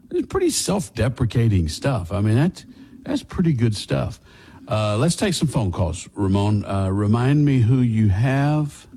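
A man's voice: lowish voice, sing-song, a little slow, dark tone, breathy edge. A man hosting a radio call-in show, taking callers and delivering his lines with dry comic timing. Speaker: radio talk show host.

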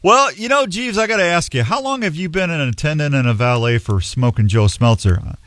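A man's voice: fairly high pitch, expressive, a little fast, fairly bright tone, no room sound. A man hosting a talk radio show, chatting casually in a joking, self-deprecating, rambling way.

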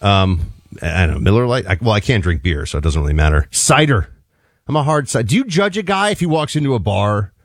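A man's voice: fairly low pitch, very animated, fast, dry recording, clean studio sound. A man hosting a talk radio show, teasing his co-host in playful banter while out of breath. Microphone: studio microphone.

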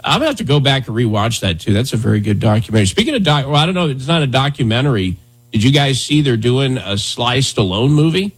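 A man's voice: mid-range voice, animated, fast talker, breathy edge. A man hosting a casual talk show, rambling with many fillers and restarts. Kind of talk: casual talk radio chat.

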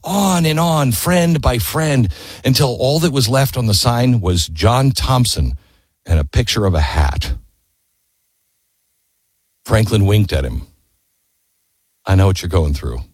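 A man's voice: medium pitch, expressive, slow pace, pauses often, slightly rough, dry recording. A man telling history as a story, impassioned and emphatic, posing rhetorical questions to his listeners. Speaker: history commentator.

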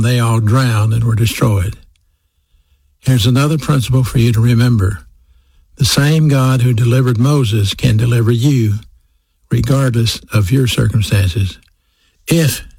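A man delivers a sermon with a gravelly, breathy rasp, leaning hard on key phrases and repeating them slowly. His voice sits at an ordinary pitch. The sound is dry and close, with no room around it. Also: a little mellow, no echo. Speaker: preacher.

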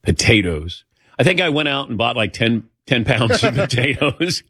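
A man's voice: medium pitch, lively intonation, moderate pace, sharp tone, breathy edge, dry recording, studio quality. A middle-aged man hosting a talk show, telling a personal story in a rambling, anecdotal way and acting out the dialogue.

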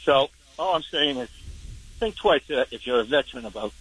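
A man's voice: mid-range voice, lively intonation, moderate pace, a bit bright, breathy edge, low-quality recording. A man in his seventies, a veteran, calling in to a radio show with a blunt, aggrieved complaint. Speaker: caller, veteran. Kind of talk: call-in radio talk.

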